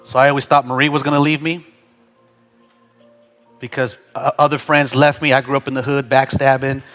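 A male pastor preaching a sermon, talking conversationally with humorous asides to the congregation and building to shouted prayers. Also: medium pitch, flat delivery, a little fast, soft background music.

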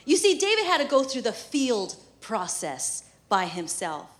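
A woman in her thirties delivers a sermon with a high, light voice. She talks to the congregation like a friend, telling stories from her own life with humor and easy laughter. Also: big pitch swings, a little slow. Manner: conversational and humorous, laughing often. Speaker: preacher. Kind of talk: sermon with prayer and personal story.

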